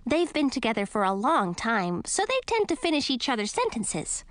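Lil, a high chatty bat, as a woman puts her on. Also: big pitch swings, moderate pace, fairly bright tone, no room sound. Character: bossy talkative female bat.

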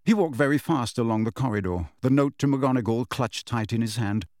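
A man reading a novel aloud as audiobook narration, in measured, expressive storytelling. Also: mid-range voice, no room sound, studio quality. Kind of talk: scripted narration.

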